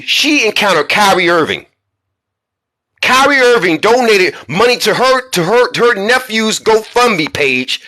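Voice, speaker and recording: High, lively, sharp-voiced indignant man. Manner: indignant, rhetorical questions, repeats himself for emphasis. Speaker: commentary channel host. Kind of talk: heated commentary vlog.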